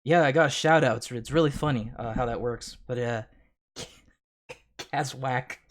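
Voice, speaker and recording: A man's voice: medium pitch, a little fast. A man streaming casual reaction commentary, sarcastic, often laughing and stammering on repeated words.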